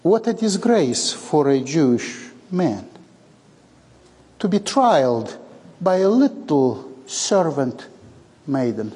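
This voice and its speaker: Male preacher, dramatic sermon delivery, husky, big hall reverb. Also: fairly high pitch, big pitch swings, slow pace, long pauses, mellow. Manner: dramatic, acts out quoted dialogue.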